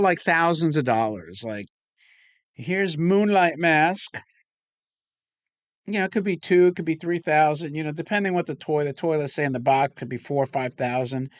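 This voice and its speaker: A man's voice: fairly high pitch, no echo. Rambling man unboxing toys, dry sound. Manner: rambling, swears casually. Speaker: toy collector host. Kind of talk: casual unboxing chat.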